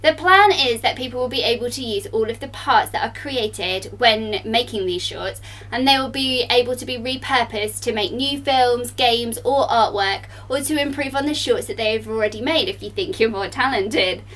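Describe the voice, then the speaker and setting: A woman co-hosting a casual online show, reading in a measured, upbeat way. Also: fairly high pitch, fairly bright tone. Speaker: co-host. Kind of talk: reading a script, casual chat.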